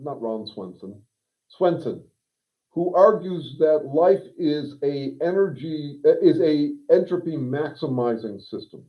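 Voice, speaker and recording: A man with a fairly high voice talks through ideas on a livestream, circling back and restarting his sentences. His audio is thin and phone-like. He sounds wry and unscripted. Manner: digressive, thinking aloud with restarts; wry, reads viewer comments aloud. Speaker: livestream host and consultant.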